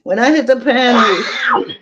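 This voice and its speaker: Woman, casual panel chat; mock-offended, drawn-out questions. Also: fairly high pitch, a bit bright, slightly rough, dull audio. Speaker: panelist on a live audio chat.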